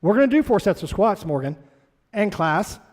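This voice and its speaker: A fitness trainer, a man with a high voice, runs an orientation for a class in his studio. He talks straight to the group in a blunt, motivational way. His words carry a long echo, as though spoken in a large hall. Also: big pitch swings, moderate pace.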